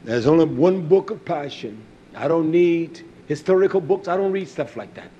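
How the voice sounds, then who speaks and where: High-voiced emphatic man preaching. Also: animated, normal speed, breathy edge, highs cut off. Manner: emphatic, swinging between low asides and loud raised emphasis. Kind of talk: sermon.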